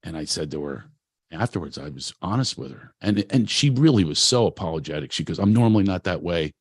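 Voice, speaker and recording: A man's voice: rumbling low, lively intonation, brisk, slightly rough, dry recording, studio quality. A man who works as a producer gives a candid, self-deprecating motivational talk, telling personal stories loosely with frequent restarts. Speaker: producer and speaker at a talent event.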